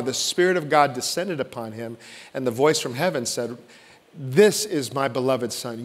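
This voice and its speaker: A man preaching a sermon as pastor, swinging from loud emphatic lines to hushed, intimate ones. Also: fairly high pitch. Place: church sanctuary. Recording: long church reverb.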